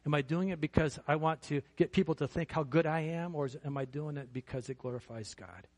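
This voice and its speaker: A man's voice: a little high, fairly quick, darkish tone. A middle-aged man preaching a sermon in a church, earnest and building to fervent emphasis. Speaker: pastor.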